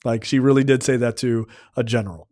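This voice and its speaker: On his film review podcast, a man casually retells scenes one by one, animated and swearing a lot. He speaks briskly at medium pitch, and the studio-quality sound has no echo.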